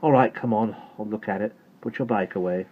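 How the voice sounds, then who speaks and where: Stern exasperated mum, sharp and scolding, pitched well above the reader, a male narrator putting her on. Phone-like sound. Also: fairly quick, a little hiss or hum, lightly acted. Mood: calmer. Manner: sharp, scolding through clenched teeth. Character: stern exasperated mother of two boys.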